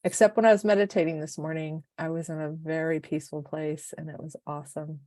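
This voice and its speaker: A middle-aged woman who is a life coach and podcast co-host, talking in an emotional, expressive, rambling way. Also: deep voice, a little fast, no room sound, clean studio sound. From United States. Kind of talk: casual podcast chat.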